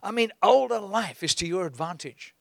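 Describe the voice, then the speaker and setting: A man's voice: high-pitched, animated, moderate pace, vocal fry, no echo. A man preaching a sermon in an exhorting way, breaking into chuckles.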